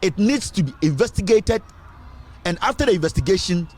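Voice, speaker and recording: His voice sits high, expressive yet a little mellow and husky, and he talks a little fast in Ghanaian-accented English. Hosting an online news show about politics, he is emphatic, repeats phrases, and alternates with Twi.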